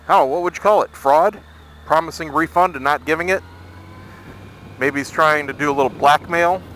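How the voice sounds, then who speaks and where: A middle-aged man telling a story on a casual vlog while riding a motorcycle through town traffic, irritated but measured. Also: a little high, a bit bright. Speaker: motovlogger.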